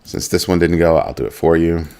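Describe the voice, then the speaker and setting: Deep-voiced man musing through rhetorical questions. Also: a little fast, gravelly, darkish tone, clean tone. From United States. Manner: musing, asks rhetorical questions, reads chat aloud. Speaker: livestream host. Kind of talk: casual livestream commentary.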